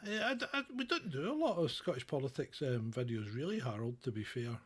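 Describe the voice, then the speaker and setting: A man's voice: medium pitch, animated, brisk, husky. A man from Britain co-hosting a casual comedy chat show, mocking and irreverent, often laughing. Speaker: podcast co-host.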